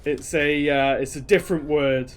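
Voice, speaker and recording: A man's voice: on the high side, fairly even intonation, normal speed, a little hiss or hum. A young British man casually commenting while streaming a game, chatty and rambling as he answers chat. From Britain.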